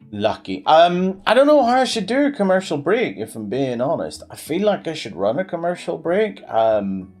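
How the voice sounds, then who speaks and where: Rambling guy streaming a game. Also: darkish tone. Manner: rambling, many fillers and restarts; pitch swings widely. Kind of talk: live-stream chat.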